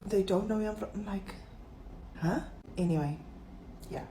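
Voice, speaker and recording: Soft-spoken South African woman, noisy clip. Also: mid-range voice, fairly quick. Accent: South African, not Cape Town. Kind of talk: casual storytelling vlog.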